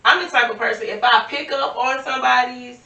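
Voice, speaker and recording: A woman's voice: high voice, steady tone, a little fast, pushed and bright. Earnest woman panelist, distant roomy sound. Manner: earnest, explaining at length. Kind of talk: casual debate chat.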